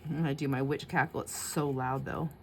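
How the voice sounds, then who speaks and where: A woman's voice: very deep voice, steady tone, normal speed, slight background noise. A middle-aged woman hosting a crafting video, chatting casually to her viewers, laughing often and talking to herself as she works. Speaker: craft channel host.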